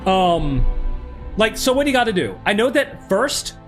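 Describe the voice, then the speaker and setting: A man hosting a casual let's play chat, excitable, laughing often and swearing casually. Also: high voice, normal speed. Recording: music playing underneath.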